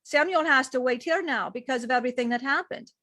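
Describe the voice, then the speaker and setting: A loving, protective archangel speaking slowly and solemnly, as a woman storyteller voices him. The voice stays fairly high with a close, dry sound. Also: sharp tone, no echo.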